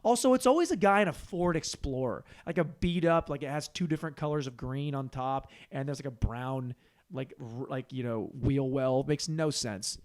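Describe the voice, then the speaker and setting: Speaking at medium pitch and a normal speed, this thirtysomething man runs a solo comedy podcast. He tells animated stories, performing the voices of the other people in them and swearing plenty along the way.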